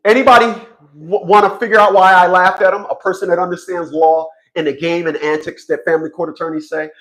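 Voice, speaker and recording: A man telling a court story in an animated monologue, mocking, with loud outbursts and low asides, acting out other people's lines. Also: fast talker. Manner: acts out other people's voices in quotes. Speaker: family court advocate.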